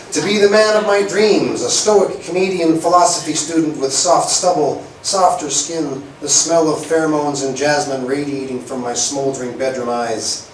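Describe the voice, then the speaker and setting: Wry spoken-word poet in an echoey room. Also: male voice, medium pitch, a little hiss or hum. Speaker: performance poet. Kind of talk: spoken-word poetry reading. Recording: echoey room, far from mic.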